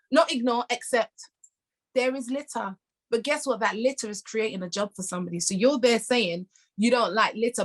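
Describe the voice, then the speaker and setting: A woman's voice: fairly high pitch, a bit bright. A woman giving a playful motivational talk on a video call, laughing often and repeating affirmations. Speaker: host of weekly online meeting.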